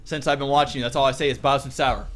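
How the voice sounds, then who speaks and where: A young man from Canada with an East Coast Canadian accent, telling stories and casting a game in a casual, animated way. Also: mid-range voice, fast talker, slight background noise. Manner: animated storyteller, swears casually, many fillers. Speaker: game caster. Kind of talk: casual game commentary and storytelling.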